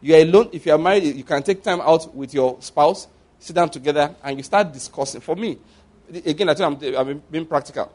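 A man preaching a conversational sermon, repeating phrases for emphasis and swinging between quiet and loud passages. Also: a little high, brisk.

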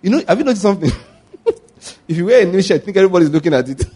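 A man preaching a sermon as pastor, telling animated stories and quizzing the congregation with call-and-response questions. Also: high voice, rapid-fire, husky.

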